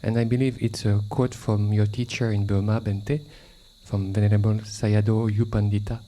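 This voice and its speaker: A man's voice: lowish voice, level tone, normal speed, mellow. A man from France with a French accent, a monk asking a question, speaking in a hesitant, polite way with many fillers. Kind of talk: discussion question.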